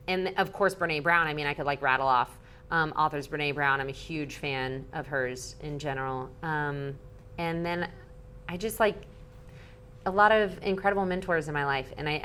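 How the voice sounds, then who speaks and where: A woman, a guest speaker talking in an animated interview, peppering her speech with "like" and acting out quotes. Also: deep voice, slight background noise. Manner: bubbly, heavy use of "like", acts out quotes.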